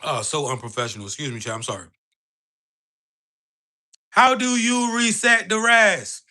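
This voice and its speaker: At a measured pace and with a sharp, high-pitched voice, this man hosts a motivational livestream. His talk is blunt street slang full of profanity, punctuated again and again by "right?"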